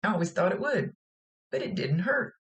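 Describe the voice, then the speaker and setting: Woman doing a high, gravelly, teasing kid-sister spirit, singsong. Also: very animated, takes it slowly, exaggerated voice. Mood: earnest.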